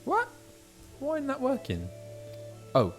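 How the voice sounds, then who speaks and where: A male voice actor chatting casually while streaming a game, animated and chatty, often stopping and restarting mid-sentence. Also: very high-pitched, slow, soft background music. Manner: chatty, animated, self-interrupting. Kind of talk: casual gameplay chat.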